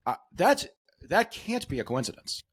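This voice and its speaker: A man's voice: fairly high pitch, very animated, slightly rough, dry recording. Man in easy podcast chat. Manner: agreeable, quick interjections, hesitant fillers. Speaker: podcast co-host. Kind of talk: casual chat.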